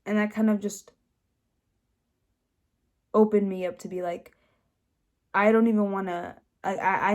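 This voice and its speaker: With a medium-pitched, somewhat dark voice, a young adult woman hosts and tells her own testimony. Her delivery is casual and sincere, peppered with fillers and false starts.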